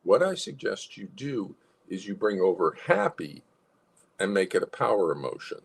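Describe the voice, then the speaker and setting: Hosting a teaching livestream, the psychologist speaks at a moderate pace in a lowish, creaky voice with a slight roughness. He stays lively, laughs softly, and demonstrates various tones of voice.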